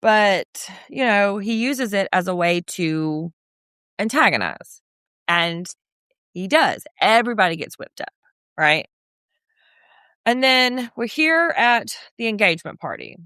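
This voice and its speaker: A woman's voice: mid-range voice, sing-song, a little slow, pauses often, sharp tone, clean tone, dry recording. A woman co-hosting a podcast, chatting casually about a reality show, swearing freely. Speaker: podcast co-host. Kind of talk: casual recap chat.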